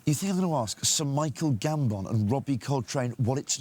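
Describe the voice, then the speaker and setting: A man's voice: medium pitch, brisk, few pauses. A man interviewing film actors in a playful, joking junket style. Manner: jokey, with animated put-on exclamations.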